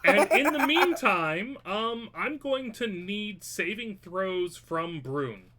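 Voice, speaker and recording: A man's voice: high-pitched, expressive, slow, pushed and bright, slight background noise. A man acting as game master, joking and hedging as he runs a tabletop game online, swearing now and then.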